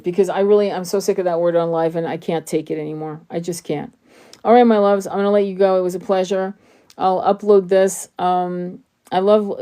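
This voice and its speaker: A woman's voice: lowish voice, warm tone. Woman host chatting live to viewers; blunt, profane, throat sore and tired, sentences often restarted. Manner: blunt, swears freely, many restarts. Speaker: tarot reader hosting a live stream. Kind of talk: casual livestream chat.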